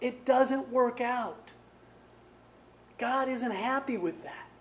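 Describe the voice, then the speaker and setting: A man's voice: very high voice, slow. A man preaching a sermon in a conversational way, often asking his listeners rhetorical questions. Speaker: pastor.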